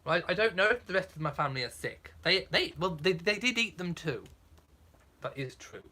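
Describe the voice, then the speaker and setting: A man's voice: sits high, expressive, normal speed, sharp tone. A man hosting a casual live chat, reading out viewer comments in a camp, theatrical, self-mocking way.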